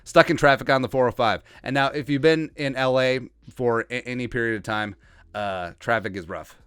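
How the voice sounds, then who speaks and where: A man hosting a sports podcast, riffing in a joking, rambling way and putting on quick mock voices for the people he talks about. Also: mid-range voice, fairly bright tone, clear, resonant tone, no echo. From Asian heritage, Minnesota fan. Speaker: podcast host. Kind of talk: comedic sports commentary.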